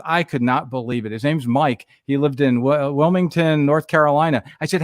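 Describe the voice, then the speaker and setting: A middle-aged radio host, a man, spins anecdotes in casual chat, jumping into the voices of the people in his stories. His voice sits a bit high for a man and sounds close and dry, with little room around it. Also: normal speed, few pauses, dry recording. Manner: animated storyteller, acts out quotes.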